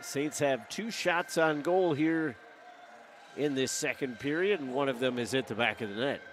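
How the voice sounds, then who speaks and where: A man calling live hockey play-by-play as the game's announcer, brisk and rising to shouts on big plays. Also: mid-range voice. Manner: brisk, running call of the action that climbs to shouts.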